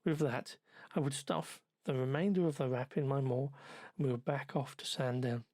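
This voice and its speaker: A man's voice: mid-range voice, normal speed, darkish tone, dry recording. A man, ill with covid, narrating a travelogue in a dry, sardonic, wordy manner. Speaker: travel vlogger.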